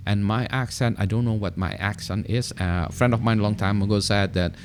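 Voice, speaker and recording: Laughing Indonesian man, low voice. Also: brisk, slight background noise. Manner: laughs often, switches between languages, tells a joking anecdote. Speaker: vlogger. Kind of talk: casual monologue.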